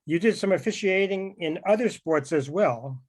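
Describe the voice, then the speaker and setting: A man's voice: high voice, lively intonation, normal speed. A man interviewing a guest over a video call, recounting the guest's background in a friendly way. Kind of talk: conversational interview.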